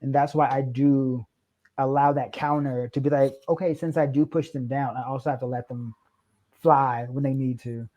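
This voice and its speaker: A young man, a podcast guest, chatting casually and acting out his own quoted lines with lively shifts. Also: mid-range voice, moderate pace, lo-fi sound. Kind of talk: casual chat.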